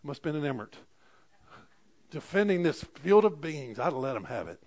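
A man preaching a sermon to a congregation, impassioned, repeating amen, with sudden swings between loud bursts and quiet asides. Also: a little high, very animated, moderate pace. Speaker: pastor.

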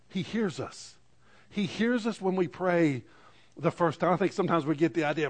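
Brief: a man delivering a dramatic sermon in church, higher-pitched, stammering restarts. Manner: dramatic scripture reading with lively asides and stammered restarts. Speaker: preacher. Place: church in front of a congregation.

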